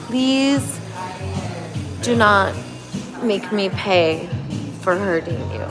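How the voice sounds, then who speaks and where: A woman's voice: mid-range voice, lively intonation, over music. A woman playing an earnest, pleading mother. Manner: slow, earnest therapy-style speech. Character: earnest mother pleading with her grown daughter.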